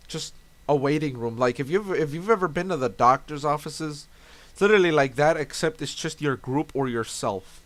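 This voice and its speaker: A man's voice: a little high, no room sound. A young man casually recapping a tabletop game session, rambling, swearing and correcting himself. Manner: rambling, self-interrupting, swearing.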